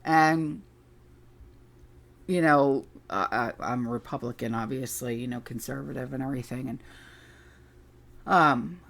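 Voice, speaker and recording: A woman's voice: extremely low pitch, a little slow, gravelly, pauses often, a bit bright. A middle-aged woman hosting her own channel, talking in a rambling, indignant monologue that drifts off on tangents. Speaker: channel host. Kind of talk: casual ranting monologue.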